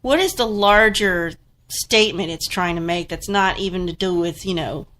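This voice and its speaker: A woman's voice: lowish voice, moderate pace, a bit bright. Stuffy-nosed woman co-hosting a live chat show, chatty and upbeat. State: congested, nasal. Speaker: podcast co-host. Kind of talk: casual chat.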